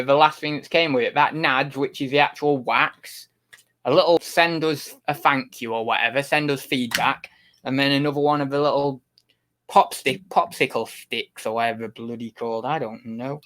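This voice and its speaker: A man's voice: mid-range voice, steady tone, normal speed, a bit bright. A young man chatting casually on a livestream, rambling with many restarts and getting exasperated with his chat.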